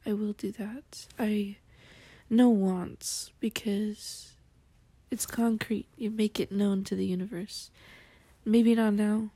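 A woman in a whispered role-play, talking gently and soothingly to the listener as a comforting companion with a gruff morning voice. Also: medium pitch, flat delivery, slow, no room sound.

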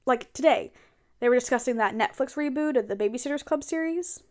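A young woman talks straight to her partner in a casual role-play monologue, fairly high in pitch. She sounds chatty and animated as she vents about her day. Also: fairly quick. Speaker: audio role-play performer.

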